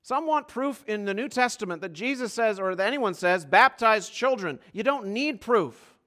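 A man preaching a sermon, swinging between loud, urgent passages and low, quiet ones, and slowing right down on key phrases. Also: expressive. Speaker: pastor.

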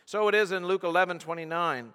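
A man preaches an expository sermon in a high, bright voice. He is earnest and emphatic and often restarts his phrases as he explains the text. His voice rings out in a large church hall with long reverb. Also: fast, clean tone. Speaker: pastor.

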